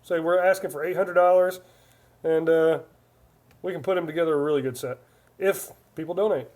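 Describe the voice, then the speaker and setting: A man's voice: on the high side, fairly even intonation, a little fast, darkish tone. A man in his forties hosting a live stream, chatting casually and reading viewer comments aloud in a rambling way. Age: 40s. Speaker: livestream host.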